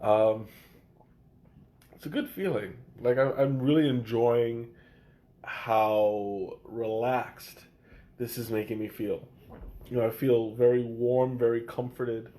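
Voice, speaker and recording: With a warm, mid-range voice and fairly even intonation, a man talks slowly while tasting tea on a casual live stream. He sounds congested, and his speech keeps faltering into fillers and fresh starts.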